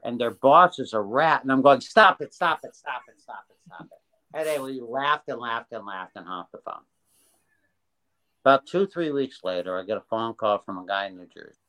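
An older man being interviewed, telling a story in a casual, animated way with many restarts and voices for the people in it. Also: mid-range voice, rough recording. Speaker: interview guest, illustrator.

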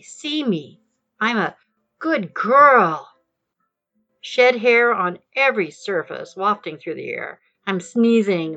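A woman introducing and reading her own short poem in a gentle, wry manner. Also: fairly low pitch. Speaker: poet. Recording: lo-fi dull recording.

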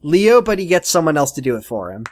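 A man co-hosting a casual comedy podcast, his voice riding a fairly high pitch and swinging widely as he talks. He laughs often and drops into quick impressions while riffing on a TV episode. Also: very animated, slight background noise. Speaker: podcast co-host. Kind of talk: casual comedic recap chat.

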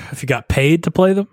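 Dry, low-key male guest. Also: dry recording. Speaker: podcast guest. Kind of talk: casual chat.

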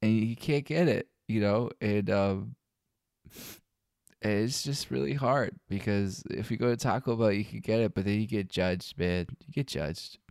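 A man's voice: on the low side, measured pace, vocal fry, a little mellow, dry recording, clean studio sound. A man co-hosting a casual comedy podcast, rambling with ironic fake emotion and swearing. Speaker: podcast co-host.

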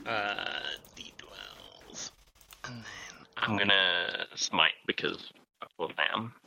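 A man's voice: sits low, big pitch swings, slow, creaky, pushed and bright, rough recording. A man playing a tabletop game, calling out his dice rolls with many hesitant ums. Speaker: player.

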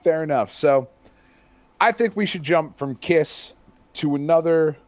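A man's voice: a little high, a little slow, dry recording. A man co-hosting a casual comic review chat, swearing freely and laughing often. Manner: profane, animated, laughs often. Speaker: podcast co-host reviewing comics.

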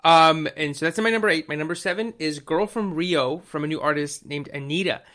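A man's voice: a little high, brisk, a bit bright. A man co-hosting a casual music chat, rambling with fillers and restarts, swearing and acting out quotes. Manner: rambling, profane, acts out quotes.

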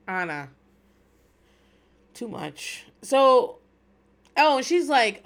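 A middle-aged woman hosting a casual chat, talking in an animated, rambling way with plenty of swearing and laughter. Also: fairly high pitch, drawn-out words, long pauses. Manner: animated, profane, laughs often, rambling asides. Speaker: podcast host recapping reality TV.

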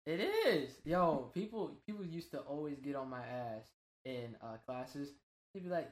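A man co-hosting a casual gaming podcast, talking in an animated, slangy way and swearing freely. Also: on the high side, a little slow, roomy sound. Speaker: podcast co-host.

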